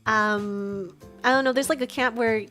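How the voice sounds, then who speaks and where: A woman's voice: on the high side, steady tone, a little slow, pushed and bright, soft background music. A woman hosting a casual chat stream, rambling along with lots of "like" and restarting her sentences. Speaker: VTuber host.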